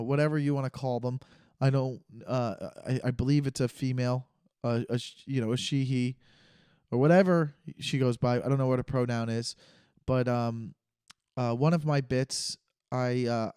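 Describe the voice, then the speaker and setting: Smooth-voiced man rambling on a podcast. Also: medium pitch, mellow, dry recording, studio quality. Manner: rambling, stop-start, corrects himself mid-sentence. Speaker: stand-up comedian and podcast host. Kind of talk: casual podcast monologue. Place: living room.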